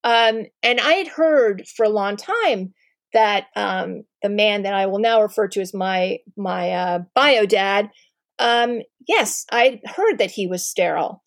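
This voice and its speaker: A middle-aged woman telling a personal family story to an audience, candid and animated, with many ums and restarts. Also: medium pitch, a little slow, no room sound, studio quality.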